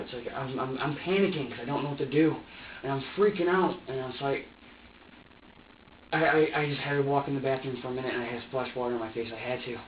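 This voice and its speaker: A man's voice: mid-range voice, fairly quick. Agitated, stammering young man, distant and roomy. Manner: agitated, profane, stammering and repeating himself. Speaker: suspect under police questioning. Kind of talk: emotional confession. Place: police interview room. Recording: distant, roomy, dull recording with faint hiss.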